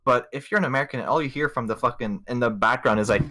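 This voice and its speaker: Bright-voiced young man telling stories. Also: mid-range voice, fast talker, a little hiss or hum. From Montreal, Canada. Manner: rambling, profane, jokey. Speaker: podcast host. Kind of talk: casual storytelling chat.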